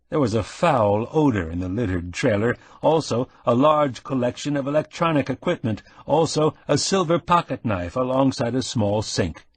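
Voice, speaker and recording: Husky male audiobook narrator. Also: mid-range voice, expressive, normal speed, few pauses, dry recording.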